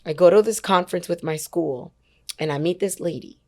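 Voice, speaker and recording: A woman's voice: fairly low pitch, fairly quick. A young woman in her twenties, a worship leader guest on a podcast, telling a personal story in casual chat and acting out what other people said. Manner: animated storyteller who acts out quoted dialogue; chatty, uses many fillers like "like" and "whatever".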